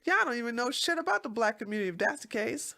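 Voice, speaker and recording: Very animated and quick, a woman's voice on the high side comes across bright and forceful as she hosts a livestream. She rants bluntly and heatedly, swearing a lot, and stops to read out viewer comments.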